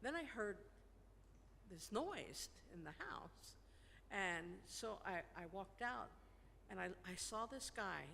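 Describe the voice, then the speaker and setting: Creaky-voiced woman telling a story. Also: medium pitch, lively intonation, sharp tone, a little hiss or hum. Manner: halting, searching for words. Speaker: group participant. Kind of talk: personal storytelling. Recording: reverberant hall with faint ambience.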